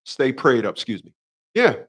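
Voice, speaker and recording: A man's voice: medium pitch, big pitch swings, normal speed, fairly bright tone, slightly rough. A man in his fifties hosting a casual livestream monologue, emphatic and preachy, often repeating his phrases. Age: 50s. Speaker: host.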